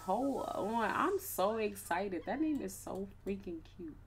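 A woman's voice: medium pitch, animated, unhurried, few pauses, a little hiss or hum. A young woman casually commenting on her life-sim gameplay with playful, slangy asides. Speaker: gaming YouTuber.

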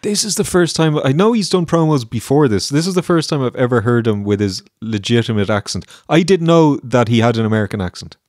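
A man co-hosts a podcast with wry, sarcastic banter, now and then acting out quotes. His pitch moves a lot as he talks. The sound is dry and close. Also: expressive, fairly quick, hardly any pauses, darkish tone, no room sound. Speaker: podcast co-host. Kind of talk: casual banter.

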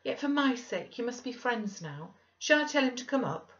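A woman voicing an impetuous, excitable young mistress who talks breathlessly and eagerly. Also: fairly low pitch, normal speed, vocal fry. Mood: coaxing. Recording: dull lo-fi recording.

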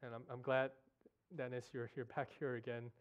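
A man preaching a sermon in a church, earnest and emotional, halting with restarts as he speaks. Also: medium pitch, little pitch movement, smooth, highs cut off. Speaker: guest preacher. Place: church sanctuary.

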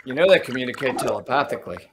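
A man's voice: mid-range voice, lively intonation, background noise, close to an everyday voice. A man playing a dopey, telepathic sea-hero persona in a cracking voice, earnest and silly as a co-host. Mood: goofy. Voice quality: cracking, like a voice that is breaking. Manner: earnest, dreamy and deliberately silly. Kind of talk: goofy comic persona in a reaction video.

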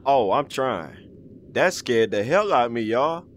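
A man giving casual, excitable commentary while playing a VR game, slangy and swearing freely. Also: mid-range voice, measured pace, slight background noise. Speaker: VR gaming video host. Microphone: VR headset setup.

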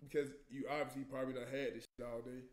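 A man's voice: medium pitch, flat delivery, fast, roomy sound, crowd noise. A young man chatting casually on a live stream, hesitant and slangy, full of fillers. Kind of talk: casual chat.

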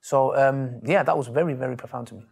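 A man, telling stories in an interview in a lively, emphatic way and acting out the voices he quotes. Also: mid-range voice, quick pace, vocal fry, breathy edge. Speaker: Muslim preacher interviewed. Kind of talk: animated storytelling in an interview.

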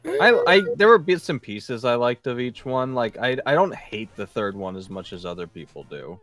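A man's voice: mid-range voice, big pitch swings, moderate pace, fairly bright tone, dry recording. A man in a casual game-stream chat, telling rambling stories and swearing. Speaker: stream co-player.

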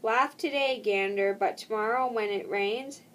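A woman's voice: fairly high pitch, measured pace, recorded from a distance, slight background noise, close to an everyday voice, low-quality recording. A woman reading aloud as a small, proud male hedgehog who speaks earnestly and defensively.

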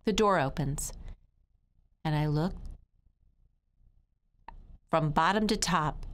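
Slow, clear-voiced woman telling a story. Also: deep voice. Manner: slow, emotive, dramatic pauses. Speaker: voice interpreter for a signed performance. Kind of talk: first-person storytelling voice-over. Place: conference hall.

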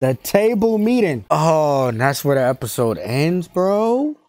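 A man hosting an anime reaction video, talking in excited, slangy casual commentary, laughing often and repeating himself. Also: fairly high pitch, a little slow, no echo. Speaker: anime reaction channel host.

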